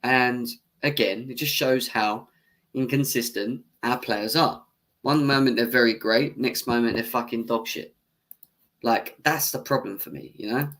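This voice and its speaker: A young man with a medium-pitched, slightly bright voice hosts a football fan live stream, speaking a little slowly. In his match reaction rant he swears and argues angrily with chat, then laughs off how biased he is.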